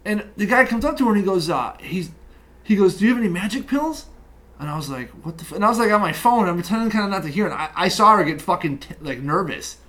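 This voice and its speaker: A young man from New York rants through a casual podcast chat, swearing constantly and firing words out fast. His voice sits high for a man. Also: lively intonation, pushed and bright. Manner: fast-talking, heavy swearing, ranting storyteller. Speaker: podcast co-host.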